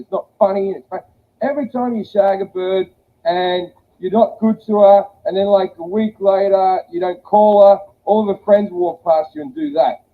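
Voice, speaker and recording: A man performing a blunt, profane stand-up comedy set. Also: high-pitched. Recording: tinny phone-like audio with faint hiss.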